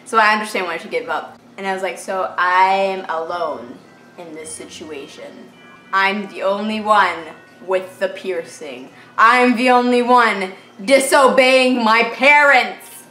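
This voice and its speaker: A fifteen-year-old girl telling a storytime vlog, animated and dramatic, full of "like" fillers, recorded on a camera mic in a bedroom. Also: mid-range voice, measured pace, soft background music. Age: teens. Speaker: vlogger. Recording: echoey room with faint hiss.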